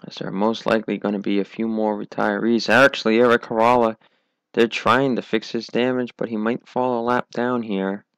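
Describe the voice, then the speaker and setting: A man's voice: on the low side, brisk, gravelly, smooth, dry recording. A young man giving solo play-by-play commentary on a sim racing league, running through positions and replays. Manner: calls positions and replays, rising excitement at restarts.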